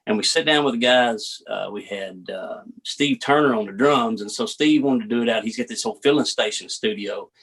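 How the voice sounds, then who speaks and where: Man, Southern US accent, easygoing drawl, country singer guest, relaxed interview talk. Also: medium pitch, fairly quick, few pauses, slightly rough. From United States. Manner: laid-back drawl, says "man" a lot. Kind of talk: casual interview chat.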